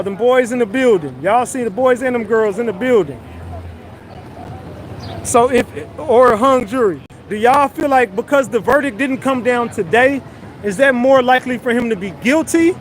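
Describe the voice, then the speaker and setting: A man's voice: very high-pitched, a little hiss or hum. A man doing casual livestream commentary outdoors on a city street, joking loosely and reading his chat aloud into a phone.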